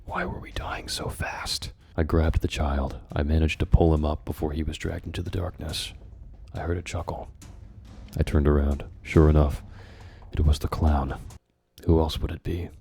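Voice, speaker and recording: A man's voice: extremely low pitch, little pitch movement, normal speed, gravelly, mellow, husky. A man reading his childhood horror story aloud and mocking it with sarcastic, amused asides. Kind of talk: dramatic reading with comic commentary. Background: faint background music.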